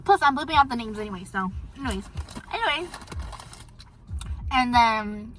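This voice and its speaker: A woman's voice: on the high side, lively intonation, moderate pace, a bit bright, slight background noise. A teenage girl vlogging, telling gossipy stories about her crushes in casual chat. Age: teens. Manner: chatty, gossipy storytelling.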